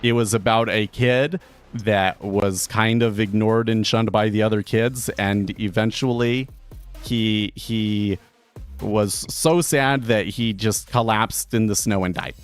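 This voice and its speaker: A man's voice: on the low side, steady tone, slow, smooth, soft background music. A man talking casually on a live trading stream, rambling with frequent restarts and fillers.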